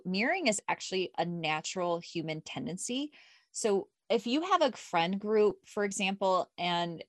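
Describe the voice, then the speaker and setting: A woman from the United States hosting a podcast, talking casually and energetically, a self-described loud extrovert. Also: lowish voice, no room sound, clean studio sound. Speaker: podcast host. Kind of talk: casual podcast chat, teaching pitching.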